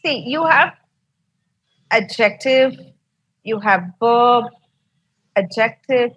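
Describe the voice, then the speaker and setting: A woman's voice: fairly high pitch, takes it slowly, a bit bright, dull audio. A woman with an Indian English accent teaching an online English class, explaining patiently and repeating herself, heard over a video call.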